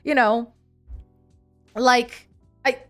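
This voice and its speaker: A woman hosts a relaxed livestream, talking animatedly and reading out comments from her chat. Her voice sits a little high and sounds smooth and clear. Faint music plays underneath. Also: extremely slow. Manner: animated, chatty, reads chat aloud, laughs often. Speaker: livestream host.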